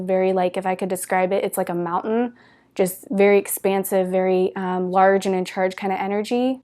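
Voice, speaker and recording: A woman with a mid-range, darkish voice gives a spiritual talk to her viewers, earnest and gushing, her speech full of "like" fillers.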